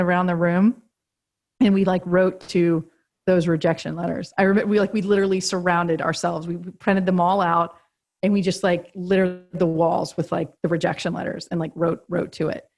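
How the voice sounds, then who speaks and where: This woman has a lowish, slightly mellow voice. Guesting on a podcast interview over a remote call, the agency co-founder and author tells an animated story, laughs frequently and voices the dialogue she's quoting.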